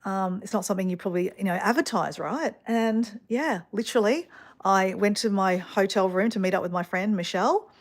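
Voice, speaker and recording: A woman's voice: mid-range voice, fairly quick. A middle-aged Australian woman vlogger, chatting casually through a rambling personal story full of fillers and asides.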